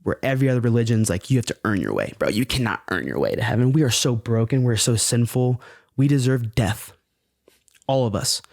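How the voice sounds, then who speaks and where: A man's voice: medium pitch, brisk, a little mellow, no echo, studio quality. A man speaking as a podcast guest in earnest, fervent casual talk, often saying "bro".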